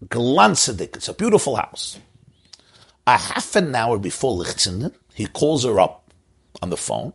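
A man's voice: medium pitch, big pitch swings, unhurried, gravelly, husky. A man, a rabbi from Crown Heights, telling an emotional story in a sermon and mixing in Yiddish and Hebrew words. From Crown Heights, Brooklyn.

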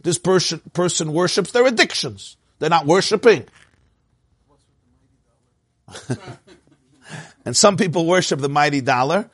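Male Torah teacher, fairly high voice, emphatic, repeats lines for effect, dry close sound. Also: expressive, measured pace, pauses often, husky, no echo. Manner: emphatic, repeats phrases, laughs between points; mixes in Hebrew and Yiddish terms. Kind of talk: spoken Torah class.

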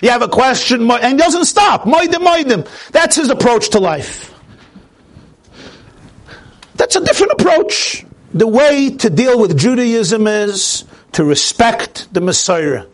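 A man with a high voice lectures a Torah class to a live audience. He talks emphatically, building long lists of repeated words. Hebrew and Yiddish terms run through his English. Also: very animated, unhurried. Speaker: rabbi teaching a class.

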